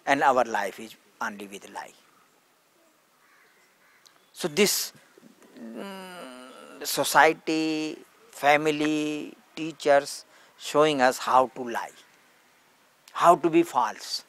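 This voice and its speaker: A man's voice: fairly high pitch, animated, very slow, pauses often, fairly bright tone. Earnest man teaching in broken English. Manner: simple broken English, earnest, acts out stories. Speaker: spiritual teacher. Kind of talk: satsang talk with storytelling.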